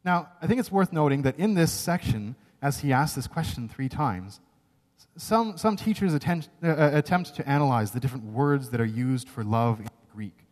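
A man's voice: medium pitch, lively intonation, moderate pace, darkish tone. A man preaching a sermon, earnest and emphatic, often checking in with "right?". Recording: long reverb of a large hall.

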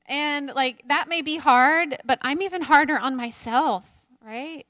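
A woman's voice: high voice, unhurried, a bit bright, dry recording. Laughing candid woman leading a Bible study. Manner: candid, laughs often, self-deprecating. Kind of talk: teaching a women's Bible study.

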